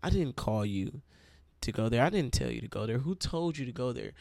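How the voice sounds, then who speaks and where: Gravelly-voiced preacher man. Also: medium pitch, animated, brisk, darkish tone, dry recording. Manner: conversational, addresses listeners as y'all. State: itchy throat. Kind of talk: sermon.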